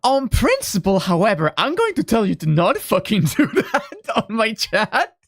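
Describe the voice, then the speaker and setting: A woman's voice: mid-range voice, sing-song, normal speed, no room sound, clean studio sound. A woman streaming a video game, chatting casually, joking and swearing as she plays. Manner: profane, joking, laughs often. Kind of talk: casual gameplay commentary.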